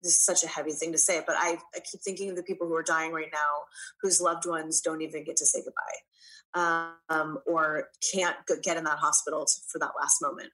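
A woman's voice: sits low, bright, forceful tone, poor audio. A woman, an actress guest in an interview, speaking in a reflective, earnest way. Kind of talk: casual interview chat.

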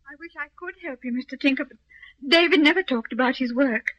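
A woman's voice: high voice, fairly quick, no room sound, dull audio, lightly acted. An actress playing a hesitant, upset young woman in a vintage radio drama. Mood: shaken. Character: shaken, grieving young woman.

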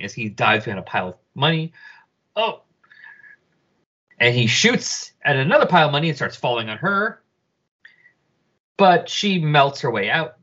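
A man co-hosting a casual podcast, reading out and describing a comic in an animated, joking way, on a dull lo-fi recording. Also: medium pitch, normal speed. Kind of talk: casual read-along chat.

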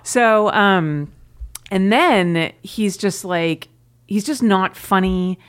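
A woman guest on a podcast, telling a story with animated, self-deprecating humor. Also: mid-range voice, very slow, smooth. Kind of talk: casual storytelling.

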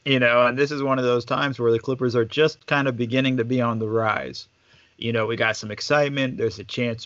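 Man, guest, easygoing storyteller, mid pitch, muffled dry sound. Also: no echo. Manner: relaxed, chatty, lots of fillers. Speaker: basketball staff guest. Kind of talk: casual storytelling.

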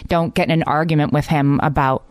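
A woman in her forties talks through parenting moments in a calm, reflective way and pokes fun at herself. Her voice sits a bit low, and the recording is close and dry, with almost no room sound. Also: fairly quick, no echo. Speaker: podcast co-host. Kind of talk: casual parenting chat.

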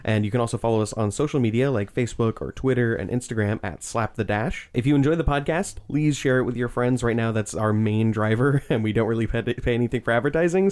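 A man's voice: mid-range voice, fast, few pauses, a little mellow. A man wrapping up a tabletop podcast in a laid-back, rambling way. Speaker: podcast producer and player. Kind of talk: casual chat.

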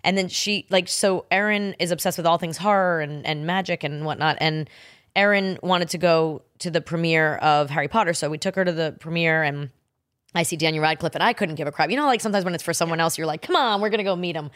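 Quick-talking woman podcast host. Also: deep voice, a bit bright. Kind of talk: casual chat.

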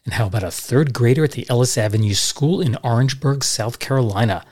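A man's voice: medium pitch, quick pace, a little mellow. A middle-aged man hosting a podcast, reading old letters aloud and adding chatty, dry, sarcastic asides. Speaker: podcast host.

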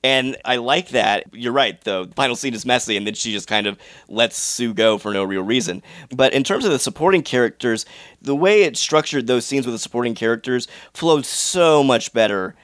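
A man's voice: medium pitch, expressive, normal speed, fairly bright tone, dry recording, clean studio sound. A man reviewing films in a casual debate, patiently explaining and defending his view. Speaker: film reviewer.

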